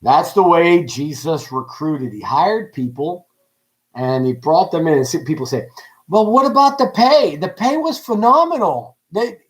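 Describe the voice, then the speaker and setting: A man preaching on a livestream in a lively, joking way, asking his audience many questions. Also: a little high, a little slow, low-quality recording. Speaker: pastor. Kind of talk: livestreamed ministry teaching.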